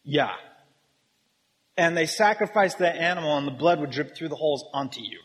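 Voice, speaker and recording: A man delivers a sermon in a relaxed, humorous manner, polling and teasing the people in front of him. His voice sits a little high for a man. It rings out with the long echo of a large church hall. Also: moderate pace. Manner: casual, joking, talks with the congregation. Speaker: pastor.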